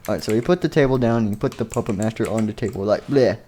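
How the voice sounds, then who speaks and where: A man's voice: fairly low pitch, animated, very fast, dark tone, a little hiss or hum. A man casually narrating a game machinima, rambling with many restarts.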